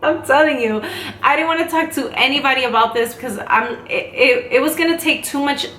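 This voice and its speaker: Bright-voiced woman rambling to camera. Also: sits high, a little hiss or hum. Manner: rambling, talks in quick asides. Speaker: vlogger. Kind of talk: casual chat to camera. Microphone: camera mic. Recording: echoey room.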